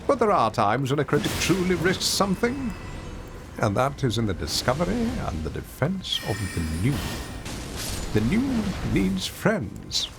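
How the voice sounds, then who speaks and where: A haughty, grave older food critic, as a man puts him on, reciting in slow solemn cadences. His pitch swoops widely through the lines, with a gravelly edge on the low notes. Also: wildly swooping pitch, background noise, full character voice.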